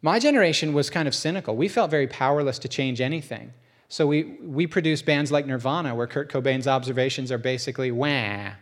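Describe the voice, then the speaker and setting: A middle-aged man preaching a conversational sermon as a pastor, an animated storyteller who acts out voices. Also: medium pitch, quick pace.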